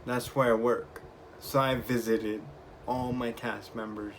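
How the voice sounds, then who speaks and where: A young man vlogging, casually retelling his week with lively quoted bits of dialogue. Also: medium pitch, a little slow, slight background noise. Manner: chatty, animated retelling with acted quotes. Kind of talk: casual storytelling vlog.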